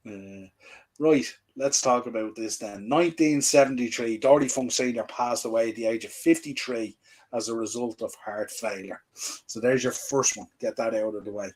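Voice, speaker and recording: A man hosting a casual wrestling podcast, chatty and quick to laugh, trailing off with fillers. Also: medium pitch, a little mellow. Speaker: podcast host.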